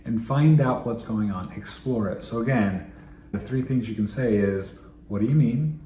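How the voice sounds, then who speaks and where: A male family therapist giving calm, explanatory parenting advice to camera, repeating his key points. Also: on the low side, normal speed, slight background noise. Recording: roomy echo, faint ambience.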